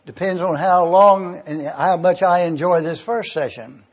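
Male pastor with a high voice, slow deliberate exposition, dull lo-fi sound. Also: husky. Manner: slow and deliberate, repeating key words. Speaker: pastor teaching a Bible study. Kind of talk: sermon-style Bible exposition. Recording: dull lo-fi recording.

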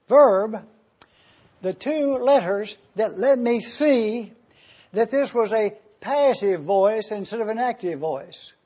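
Slow, husky high-voiced preacher. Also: male voice, lo-fi sound. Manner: teaching, emphatic with sudden excited outbursts. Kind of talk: sermon.

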